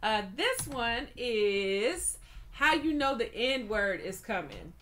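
A woman's voice: a little high, very animated, slow, pushed and bright, slight background noise. A woman hosting a reaction video, chatty and giggly, calling her viewers y'all. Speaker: host of a reaction channel. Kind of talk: casual reaction chat.

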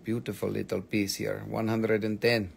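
A man's voice: on the low side, little pitch movement, moderate pace, vocal fry, breathy edge. A man selling stones on a live shop stream, in joking patter with playful broken English. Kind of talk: live sales pitch.

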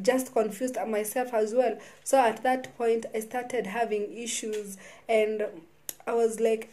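A woman telling her own life story in a vlog, halting and often restarting her sentences. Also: on the high side, dark tone. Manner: halting, with frequent restarts and repeated words. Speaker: vlogger.

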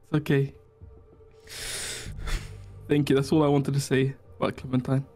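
Flat deadpan man giving a joke eulogy. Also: mid-range voice, normal speed, faint music behind. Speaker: eulogy speaker.

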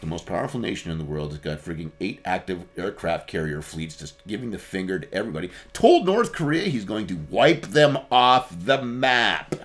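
A man's voice: deep voice, sing-song, a little fast, few pauses. Man, guest, cursing rant with a voice that jumps up and down. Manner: profane, ranting. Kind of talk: casual podcast chat.

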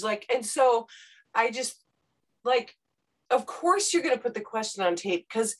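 Animated woman telling stories. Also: on the high side, measured pace. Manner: lively storytelling, acts out quotes, casual fillers. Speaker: podcast host and former radio correspondent, interview guest. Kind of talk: animated panel conversation.

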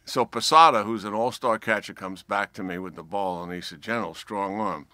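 A man's voice: lowish voice, a little fast, no echo. Older New York man telling a story. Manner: animated storyteller acting out dialogue. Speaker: retired general, guest. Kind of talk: anecdote told as a guest.

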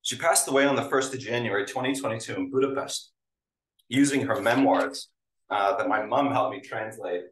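A man, originally from Hungary, giving an academic talk with halting delivery and many fillers, sometimes emotional. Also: medium pitch. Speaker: lecturer. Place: lecture room with audience. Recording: roomy sound, mic at a distance.

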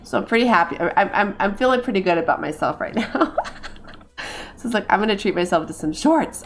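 A woman's voice: mid-range voice, lively intonation, fairly quick, soft background music. A woman in her thirties giving casual let's-play commentary, chatting to her game characters and to her viewers. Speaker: game streamer.

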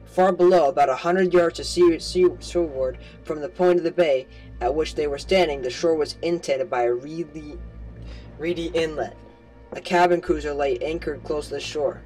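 A man reads a novel aloud in a home-made audiobook, his voice sitting a little high. He often stumbles and restarts words. Faint music plays quietly under his reading. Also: normal speed, low-quality recording. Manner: stumbling, self-correcting reading. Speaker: amateur audiobook reader.

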